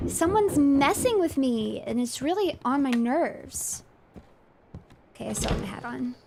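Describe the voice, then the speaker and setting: Woman streamer getting annoyed at a spooky game, kinda high voice, bit of background hiss. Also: normal speed, vocal fry. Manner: animated, exasperated, reads dialogue aloud. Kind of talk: live game commentary.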